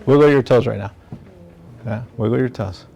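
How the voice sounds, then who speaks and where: A man's voice: medium pitch, moderate pace, vocal fry, mellow, highs cut off. A middle-aged man from the district attorney's office giving a community talk to parents, earnest and conversational, often checking in with "right?".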